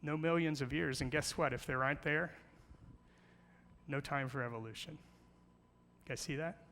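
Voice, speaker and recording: Bright-voiced man preaching in a hall. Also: a little high, moderate pace, slight background noise. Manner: playful, storytelling with jokes and rhetorical questions. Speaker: guest speaker on creation. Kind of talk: church presentation with slides. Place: large church hall. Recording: long hall reverb.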